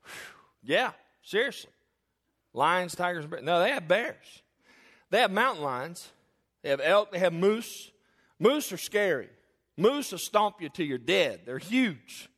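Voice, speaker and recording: Animated pastor telling a story. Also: male voice, high-pitched, unhurried, pauses often. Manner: animated storyteller acting out quoted voices. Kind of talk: sermon storytelling.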